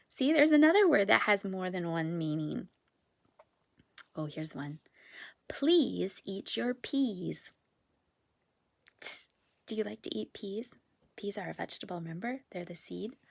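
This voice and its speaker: A woman teaching a phonics lesson to young children, slow and sing-song, drawing out each word to encourage them. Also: mid-range voice, expressive, creaky. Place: classroom or home with whiteboard.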